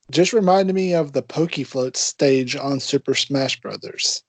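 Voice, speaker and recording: A man's voice: medium pitch, darkish tone, no echo. A man cohosting a casual podcast, direct and asking questions.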